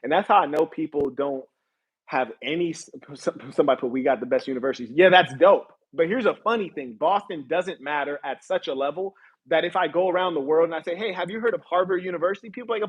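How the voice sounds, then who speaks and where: A man's voice: fairly high pitch, fast talker, breathy edge. Blunt, mocking man hosting a livestream. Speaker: host. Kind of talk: livestream commentary.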